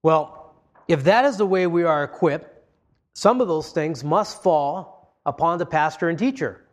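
Man, slightly high voice, earnest sermon delivery, measured pauses. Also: expressive. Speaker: pastor.

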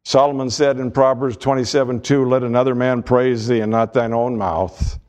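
A male pastor preaching a sermon in a measured delivery, mixing scripture with folksy humor. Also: mid-range voice, steady tone, darkish tone.

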